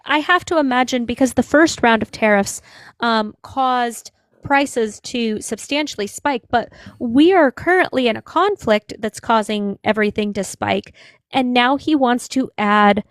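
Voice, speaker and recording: Woman with a creaky, high-ish voice. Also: no room sound. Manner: conversational, hesitant with fillers. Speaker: livestream host reading news. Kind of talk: casual political commentary.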